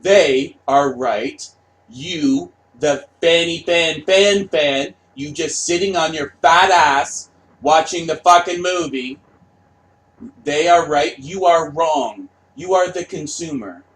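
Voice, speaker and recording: A middle-aged man hosting his own channel, delivering a profane, mocking rant with shouted outbursts. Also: on the high side, slow pace. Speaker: commentary channel host. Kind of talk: ranting monologue.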